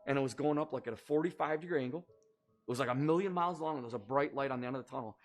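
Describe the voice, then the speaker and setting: A man recounts a deeply personal experience in an earnest, measured testimony. His voice sits at an ordinary middle pitch, and he often pauses to find the right words. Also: faint music behind. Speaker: storyteller recounting a personal near-death experience.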